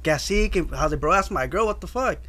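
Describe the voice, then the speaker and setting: A man's voice: high-pitched, lively intonation, fast, sharp tone. A man chatting casually on a podcast, telling a story and switching between English and Spanish slang. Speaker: podcast guest. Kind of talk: casual chat.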